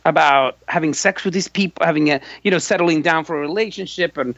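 A man with a husky voice, a guest on a podcast, chatting about a movie and quick to laugh and react. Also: fairly high pitch, fairly bright tone, no room sound. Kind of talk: casual movie-review banter. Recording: dull, lo-fi mic.

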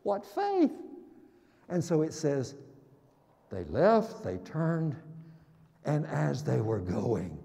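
A man preaching a sermon in a dramatic, emphatic way, slowing down on key words and breaking into sudden loud exclamations. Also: a little high, huge pitch swings, creaky. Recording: long reverb of a large hall.

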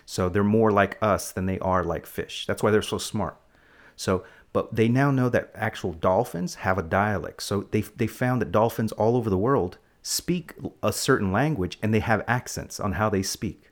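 A man's voice: lowish voice, normal speed. A man hosting a casual podcast, rambling playfully and explaining facts to kids. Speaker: podcast host.

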